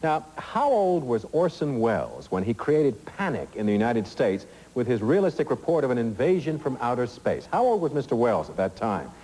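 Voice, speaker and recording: A man's voice: medium pitch, sing-song, normal speed, hardly any pauses, dark tone, in a large hall, low-quality recording. A middle-aged man hosting a TV quiz show, reading questions and chatting in asides full of fillers, in a studio. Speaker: game show host.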